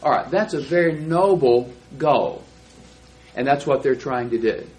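A man's voice: mid-range voice, darkish tone, low-quality recording. Man teaching a Bible lesson. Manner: explanatory, reads verses slowly and deliberately.

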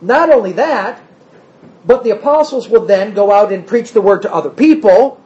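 A man's voice: sits high, lively intonation, normal speed, a little mellow, lo-fi sound. A man preaching a sermon, emphatic, firing rhetorical questions at the congregation and answering them himself.

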